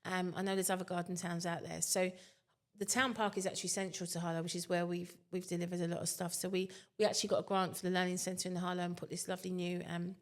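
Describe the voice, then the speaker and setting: A woman's voice: fairly low pitch, level tone, fast talker. A woman chatting as a talk show guest, rambling and self-mocking. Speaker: guest, wellbeing group founder. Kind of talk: casual chat.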